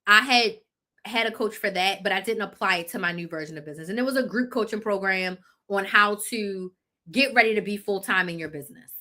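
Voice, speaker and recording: A woman's voice: mid-range voice, brisk, pushed and bright. A woman in her thirties, a business coach hosting a live chat, telling her own story bluntly and with animation, correcting herself as she goes.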